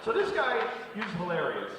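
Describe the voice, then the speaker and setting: A man does stand-up with an exasperated, foul-mouthed rant, and his fairly high voice jumps around a lot. The sound comes from far off in a big echoing hall with a long reverb tail. Loud noise runs underneath. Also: wildly swooping pitch, moderate pace. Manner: exasperated, profane ranting. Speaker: stand-up comedian. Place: theater stage before an audience. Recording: echoey live hall recording from far off.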